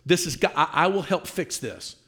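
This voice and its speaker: A man's voice: fairly high pitch, expressive, normal speed, pushed and bright. A man playing a brusque, protective manager of a rock star, talking in a curt, pushy way. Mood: urgent.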